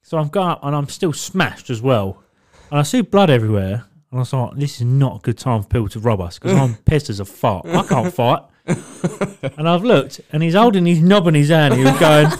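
Man, lively pitch, casual podcast storytelling, sweary, laughing. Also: normal speed. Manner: rambling and sweary, laughing through his own story. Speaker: podcast co-host.

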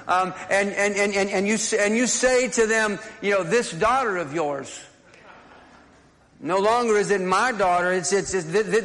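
A man's voice: sits high, fairly bright tone, in a large hall. A man preaching a sermon as pastor, talking conversationally and often restarting and repeating words.

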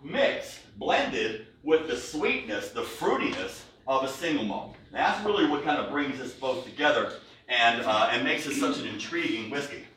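A man's voice: mid-range voice, animated, moderate pace, pushed and bright, far from the mic, a little hiss or hum. A man presenting a whiskey tasting to a live audience, chatty and jokey, with many fillers. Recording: echoey room, recorded from afar.

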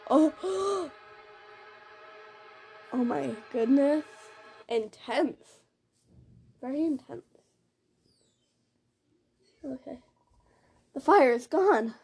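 A woman giving live commentary on her own game play, excitable and gasping as she reacts. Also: sits high, very slow, pauses often. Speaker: gamer narrating her play.

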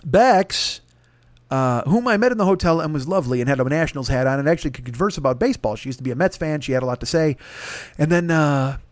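Profane, animated man telling a story. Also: fairly high pitch, quick pace, dry recording. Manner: animated, swears constantly, acts out other people's lines. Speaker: podcast host telling a story.

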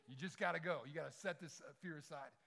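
Animated middle-aged male preacher. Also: a little high, quick pace, gravelly. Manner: animated storyteller, acts out quotes loudly. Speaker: campus ministry speaker. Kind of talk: sermon with personal stories. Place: large room with audience.

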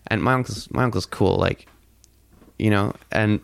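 Gravelly low-voiced man telling a story. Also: moderate pace, no room sound. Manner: rambling, heavy on "like" fillers, swears freely. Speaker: podcast guest telling a story. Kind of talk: casual storytelling.

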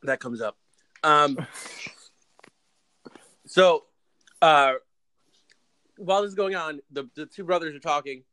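A man's voice: fairly high pitch, no echo, low-quality recording. A man casually retelling a film's plot on a remote podcast call, swearing freely as he tells it. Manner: animated storyteller, swears freely. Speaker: podcast co-host. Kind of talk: casual movie recap chat.

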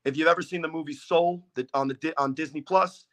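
Bright, slightly high male podcast guest, self-deprecating, swears casually. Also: steady tone, fast talker. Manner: joking, self-mocking, swears freely. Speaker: podcast guest, football quarterback.

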